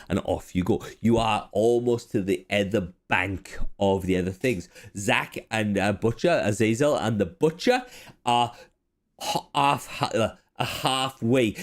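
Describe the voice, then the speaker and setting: A man narrating a tabletop game as dungeon master, animated and halting, often restarting his sentences. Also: lowish voice. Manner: animated, halting, swearing casually.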